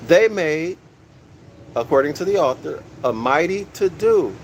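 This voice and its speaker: A man's voice: a little high, expressive, measured pace, a little hiss or hum, poor audio. A man giving a teaching lecture from a book, repeating key phrases and asking his listeners questions, calling them "y'all".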